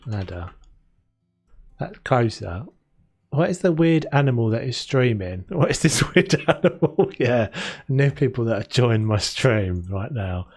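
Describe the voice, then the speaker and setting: With a darkish, sing-song mid-range voice and an unhurried pace, a young man chats loosely with his chat while playing a renovation game. His casual commentary rambles and is full of laughter, over faint game music.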